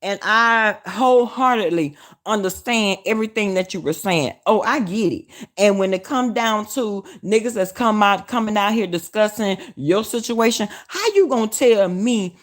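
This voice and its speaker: Loud, profane Southern woman vlogger. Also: mid-range voice, moderate pace. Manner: loud, profane and animated, hollering and addressing viewers as y'all. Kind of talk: casual livestream chat.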